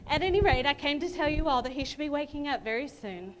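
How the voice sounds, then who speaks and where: A woman's voice: high-pitched, expressive, fast talker, in a large hall, a little hiss or hum. A woman playing a kindly, reassuring nurse. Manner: warm, reassuring. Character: kindly female nurse, calls everyone dear. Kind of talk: live stage musical acting.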